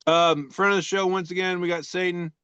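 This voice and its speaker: A man's voice: high voice, flat delivery, fairly quick, sharp tone, clean tone, no room sound, dull audio. A man co-hosting a casual podcast, reading out social media posts with a joking, rambling delivery and lots of fillers. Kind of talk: casual chat.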